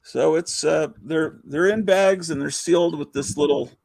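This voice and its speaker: A man's voice: a little high, normal speed, gravelly, a little mellow, no echo, poor audio. An older man hosting a casual chat, rambling with fillers and chuckles. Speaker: host.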